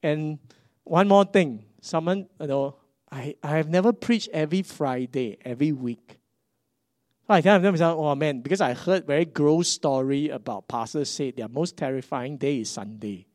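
A middle-aged man with a Singaporean English accent preaches a sermon. His voice sits somewhat high, and it is recorded dry, with no room sound. He swings between hushed asides and emphatic bursts. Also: normal speed, no room sound. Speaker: pastor.

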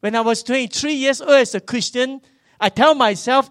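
A man, preaching a sermon that swings from loud bursts to hushed asides. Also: very high-pitched, normal speed, dry recording, studio quality. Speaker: pastor.

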